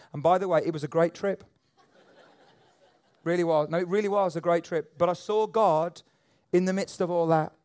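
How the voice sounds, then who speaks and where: A man's voice: sits high, clear, resonant tone. A man preaching a sermon in a church auditorium, emphatic and repetitive. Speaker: pastor.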